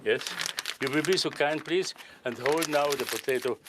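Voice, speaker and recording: A man's voice: a little high, normal speed, very noisy. An older man performing as a stage magician, joking and courtly with volunteers in careful. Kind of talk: live magic performance patter.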